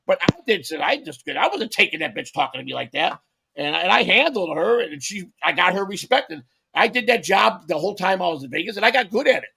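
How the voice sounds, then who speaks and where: A man's voice: sits high, big pitch swings, a little fast, creaky, pushed and bright, slightly rough. A man in his fifties, a podcast co-host, telling rambling, profane stories in casual chat with lots of restarts.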